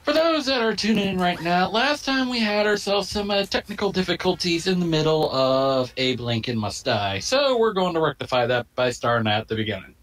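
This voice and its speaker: A man's voice: high voice, animated, brisk, hardly any pauses, a bit bright. A man hosting a casual let's play stream, joking around in a hammy, announcer-style delivery. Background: game music.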